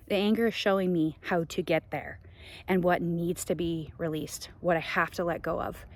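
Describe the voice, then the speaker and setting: A woman's voice: lowish voice, fairly even intonation, moderate pace, no room sound. A woman hosting her own show, talking passionately in a spiritual monologue, venting with laughs now and then. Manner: passionate, ranting, frequent laughs. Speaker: podcast host.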